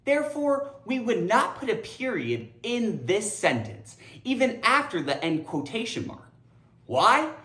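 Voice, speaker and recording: A woman's voice: fairly high pitch, a little slow, echoey room. A woman teaching English grammar in a playful video lesson, theatrical and talking straight to her viewers. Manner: animated, theatrical, addresses viewers directly.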